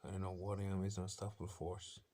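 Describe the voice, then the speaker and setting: A man's voice: low voice, completely flat delivery, fast, warm tone, a little hiss or hum. A man with an Irish accent delivering an intense, defiant, rambling personal monologue, with faint bird sounds from a laptop behind him.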